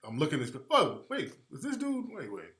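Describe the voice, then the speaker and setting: A man's voice: fairly high pitch, huge pitch swings, brisk, a bit bright, roomy sound. A man hosting a radio talk show, talking to listeners in a loose, slangy, rambling way and trailing off while he looks things up. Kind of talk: casual commentary to listeners.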